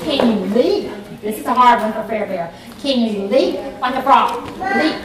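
A woman's voice: fairly high pitch, animated, moderate pace. A woman with a Southern US accent calling out a children's action dance, upbeat and encouraging in a sing-song way. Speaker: fair representative leading a children's dance. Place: library room with children. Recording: echoey room, distant mic, crowd.

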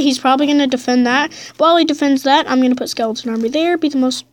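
Young female gamer, high voice, excitable casual commentary. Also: normal speed, pauses often, dry recording. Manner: excitable, bursts into high squeals and drops to mutters. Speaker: gameplay commentator.

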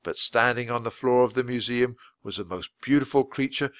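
A man reading a children's book aloud at a clear, natural pace for language learners. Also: mid-range voice, no echo. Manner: clear, deliberate storytelling for learners. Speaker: audiobook reader.

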